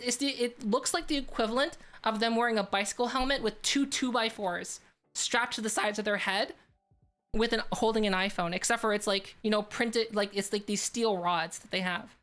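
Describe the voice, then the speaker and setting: A woman's voice: a little high, a bit bright. A woman streaming live, chatting casually and rambling with lots of fillers. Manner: rambling, filler-heavy, restarts often.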